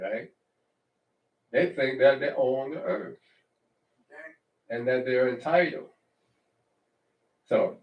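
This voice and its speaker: A man's voice: medium pitch, dull audio. A man giving an informal sermon on the weekly Bible reading, talking conversationally, often checking in with "right?" and restarting his phrases. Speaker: congregation teacher. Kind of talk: informal Torah-portion sermon. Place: congregation hall. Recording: echoey room, distant mic.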